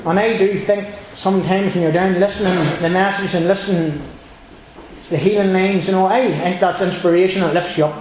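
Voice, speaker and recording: A man with a high-pitched voice gives an earnest, rambling personal testimony at a church meeting, returning again and again to the same phrases. His voice rings with a strong echo, as if he is standing in a large meeting hall. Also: steady tone, a little fast, noisy background. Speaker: church member giving testimony. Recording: very echoey room.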